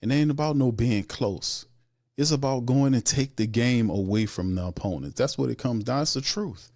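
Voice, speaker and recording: A man's voice: mid-range voice, normal speed, a little mellow, no room sound, clean studio sound. A man hosting a sports show, giving heated, opinionated commentary that rises into exasperated outbursts.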